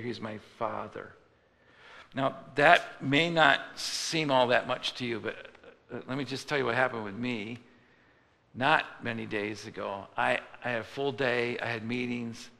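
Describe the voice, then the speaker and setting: A man's voice: medium pitch, gravelly, sharp tone. A male pastor preaching a sermon in a conversational style, acting out the voices of people he quotes. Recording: long hall reverb.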